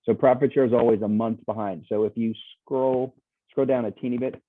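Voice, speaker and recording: This man speaks fairly quickly in a medium-pitched, steady voice. As a guest speaker on a video call, he delivers a casual, enthusiastic sales presentation, often rambling and starting over. The audio is tinny, phone-like, and dry, with no room sound.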